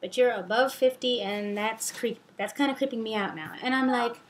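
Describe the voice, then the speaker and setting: A woman's voice: on the high side, fairly quick, slight background noise. A young woman telling a story to camera, hesitant and stammering at times. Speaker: vlogger. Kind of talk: storytelling monologue.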